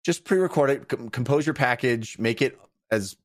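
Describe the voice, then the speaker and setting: A man co-hosting a video game podcast in casual chat, talking in a halting, playful way. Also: mid-range voice. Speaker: podcast co-host.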